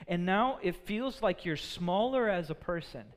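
A man preaching a sermon, earnest, often repeating words as he builds a point and dropping low and quiet for sad moments. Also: lively intonation, measured pace. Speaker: pastor. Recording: long hall reverb.

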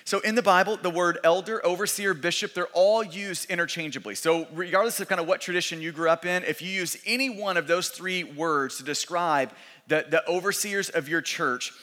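Bright-voiced man preaching in a reverberant church. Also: high voice, fairly quick. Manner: conversational, repeats words, restarts. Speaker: pastor. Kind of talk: sermon. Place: church sanctuary. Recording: long church hall reverb.

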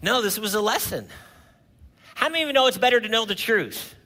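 Bright, high-voiced preaching man. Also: big pitch swings, brisk. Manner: preaches with dramatic swings between loud cries and hushed lines; asks the congregation questions. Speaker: pastor. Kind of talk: sermon.

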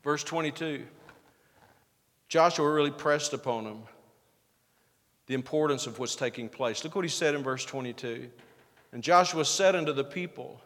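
A man's voice: on the high side, fairly bright tone, long reverb tail. A man preaching a sermon as pastor, building to emphatic bursts and acting out the back-and-forth quotes of the passage.

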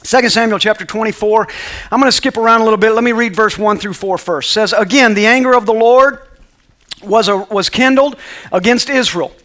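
In a church sanctuary, a male pastor preaches to his congregation, reading scripture aloud and calling for responses. His voice sits high and is fairly bright, and he speaks fairly quickly.

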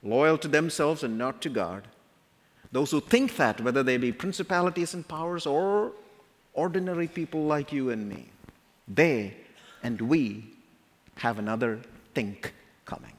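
A man preaching an expository sermon, emphatic, slowing down to stress the scripture he quotes. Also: mid-range voice. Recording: long hall reverb.

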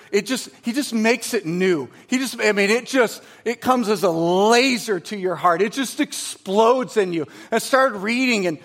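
A man in his forties, a pastor, preaching a sermon with energetic storytelling and emphatic, rising delivery. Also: sits high.

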